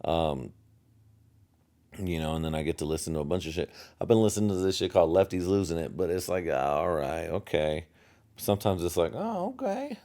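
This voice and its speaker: A man's voice: low voice, brisk, mellow. A young American man hosting a solo podcast, rambling from topic to topic with heavy profanity and chuckles at his own jokes. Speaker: podcast host.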